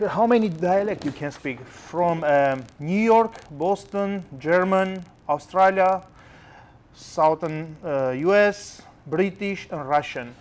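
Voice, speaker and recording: A man's voice: sits high, slow pace. A male talk show host asking questions in broken, non-native English. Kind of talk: interview questions.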